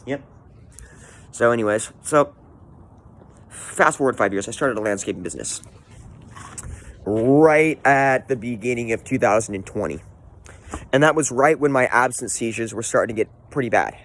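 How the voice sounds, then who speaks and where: A man's voice: mid-range voice, moderate pace, pauses often, a bit bright. A man in his twenties bluntly telling a personal story, swearing often. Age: 20s. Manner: blunt, profane, candid storytelling. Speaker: vlogger.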